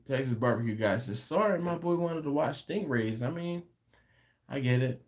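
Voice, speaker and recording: A man's voice: medium pitch, animated, normal speed. A man hosting a late-night live stream from home, chatting casually and reading viewer comments aloud with an easygoing laugh. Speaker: host of a barbecue channel livestream.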